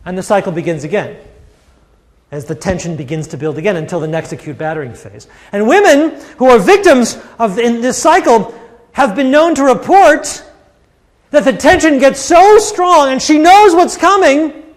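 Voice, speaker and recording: A man giving a university lecture in a classroom, animated and acting out the quoted voices. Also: very high voice, moderate pace, long reverb tail. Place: lecture hall.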